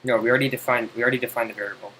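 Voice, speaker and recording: A man tutoring someone in code, impatient and teasing, explaining in quick exasperated bursts. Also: mid-range voice, fairly even intonation, pushed and bright, slight background noise, rough recording. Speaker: coding tutor. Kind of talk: casual screen-side coding help.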